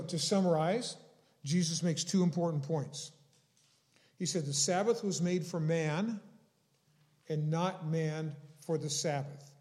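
A man preaching a sermon in a slow, deliberate way, leaning on key words. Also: on the high side, a little mellow. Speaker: pastor.

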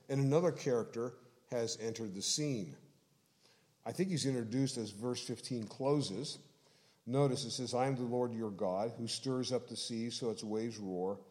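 A man preaching an expository sermon, explaining scripture in a measured way and slowing down to stress key phrases. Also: medium pitch, warm tone. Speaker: pastor.

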